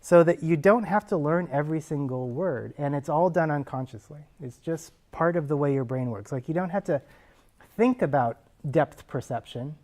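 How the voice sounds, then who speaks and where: This man, a linguist responding to questions from actors, lays out ideas for a class in a relaxed, chatty style built on everyday examples. He has a fairly high, darkish voice and a moderate pace.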